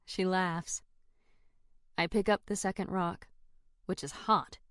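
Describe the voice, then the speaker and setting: A woman narrating a first-person fantasy audiobook in an expressive, dramatic way. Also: lowish voice, slow, clear, resonant tone, dry recording, clean studio sound.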